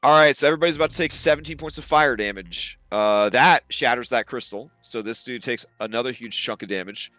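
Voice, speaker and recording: Young male game master, bright tone, hesitant delivery, soft music bed. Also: mid-range voice, a little fast, hardly any pauses, no echo. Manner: hesitant, filler-heavy, chuckling. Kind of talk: running a tabletop game.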